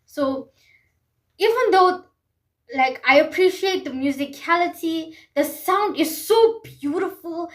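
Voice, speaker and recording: A woman's voice: extremely high pitch, animated, slow pace. A woman vlogger talking through a music review, emphatic and full of rhetorical questions and repeated phrases. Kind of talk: passionate music commentary monologue.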